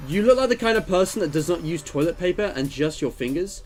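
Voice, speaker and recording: A man's voice: on the high side, quick pace, few pauses, faint music behind. A man streaming live and commentating on his gameplay, exclaiming and groaning as things go wrong. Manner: animated, swears and groans at the game.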